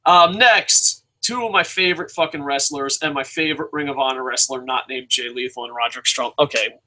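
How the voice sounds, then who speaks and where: Bright-voiced, swearing wrestling reviewer man. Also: mid-range voice, brisk, rough recording. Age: adult with a son. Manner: rambling, swearing heavily, excitable. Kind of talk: casual profane rant.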